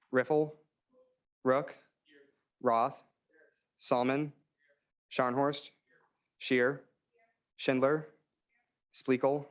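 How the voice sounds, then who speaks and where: A young man serving as interim secretary, reading a roll call name by name and apologizing for slips. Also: mid-range voice. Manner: reads names one by one, apologizes for stumbles. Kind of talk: calling the roll at a meeting.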